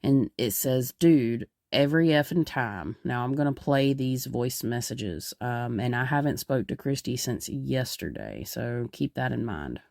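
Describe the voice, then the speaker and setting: A woman's voice: a bass voice, expressive, a little slow, creaky, hardly any pauses, darkish tone, no room sound, clean studio sound. A woman podcast host and medium, talking casually in an earnest, rambling way with many fillers.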